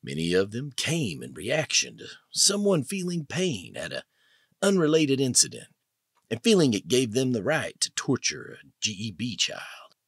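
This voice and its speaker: A man narrating an audiobook in a dramatic, expressive way. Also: mid-range voice, moderate pace, slightly rough, dry recording, studio quality. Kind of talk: scripted narration.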